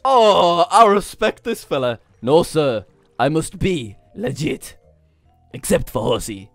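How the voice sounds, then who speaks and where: A young man hosting a gaming commentary, excitable and laughing often. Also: on the high side, slow, vocal fry, dry recording, faint music behind. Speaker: YouTuber host.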